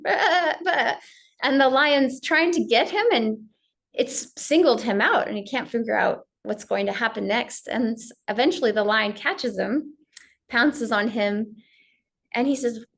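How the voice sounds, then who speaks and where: Woman giving a gentle spiritual talk. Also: on the high side. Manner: gentle, storytelling, with fillers and restarts. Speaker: spiritual teacher.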